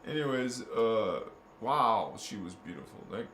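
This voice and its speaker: A spiritual vlogger rambles casually to camera, meandering through a monologue to his viewers with frequent restarts and repeated words. His lowish, fairly bright voice is very animated, delivered at a measured pace. The room is echoey with faint background noise.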